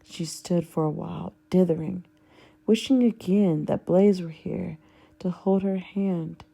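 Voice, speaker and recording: A woman narrating a fanfiction audiobook in a slow, measured storytelling way. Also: lowish voice, fairly even intonation, gravelly, mellow.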